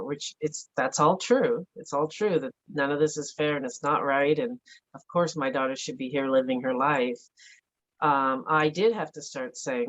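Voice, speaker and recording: A woman's voice: sits low, unhurried. A middle-aged woman speaking earnestly and reflectively as an interview guest, with frequent "like" fillers. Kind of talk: candid conversational interview. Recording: dull lo-fi audio.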